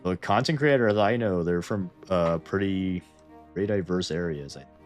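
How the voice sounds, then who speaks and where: A man's voice: low-pitched, moderate pace, faint music behind. A Canadian man with a Canadian accent, streaming and chatting casually over a game, laughing often and swearing when startled. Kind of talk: casual gameplay commentary.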